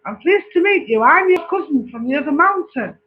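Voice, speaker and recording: A man doing an eager flattering young visitor. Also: very high voice, fairly quick. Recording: tinny phone-like recording.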